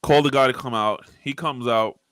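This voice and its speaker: A man co-hosting a casual podcast, telling animated stories and swearing freely. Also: medium pitch, moderate pace, no room sound. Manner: animated storyteller, swears freely, acts out arguments loudly. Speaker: podcast co-host. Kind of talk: casual chat.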